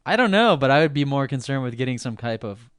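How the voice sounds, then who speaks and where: A man's voice: medium pitch, sing-song, fast, a bit bright, smooth, dry recording. A man co-hosting a comedy podcast, tossing in dry, crude wisecracks. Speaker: podcast co-host. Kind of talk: casual comedic podcast chat.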